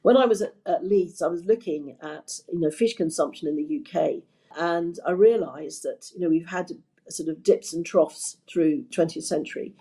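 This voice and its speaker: An older Englishwoman with a Kentish accent guests on a podcast, walking through her career in rambling, story-filled answers with frequent restarts. Her voice is warm and on the low side, at a moderate pace.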